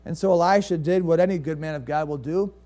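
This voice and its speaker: This male preacher tells a story from the pulpit at a quick pace and fairly high pitch. He asks the congregation rhetorical questions and alternates between energetic climbs and soft, hushed moments.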